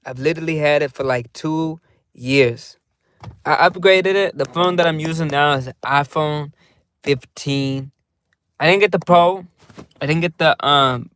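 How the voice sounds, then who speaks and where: A man's voice: on the high side, measured pace, fairly bright tone, clean tone, no room sound. Laid-back young man vlogging from his car. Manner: loose, rambling, laughs often, playful. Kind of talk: casual vlog chat. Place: inside a parked car.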